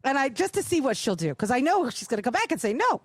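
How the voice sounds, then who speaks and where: Woman, high voice, big swooping pitch, dry close sound, profane animated storyteller. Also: fast, husky, no room sound. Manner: profane, acts out dialogue with big pitch jumps. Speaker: podcast co-host. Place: live show on a cruise ship.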